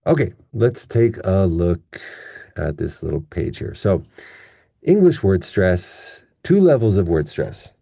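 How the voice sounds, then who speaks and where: A man teaching English pronunciation in an online lesson, patiently explaining step by step and slowing down to demonstrate how words are stressed. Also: low voice, very animated, vocal fry, warm tone, slightly rough, no room sound, clean studio sound.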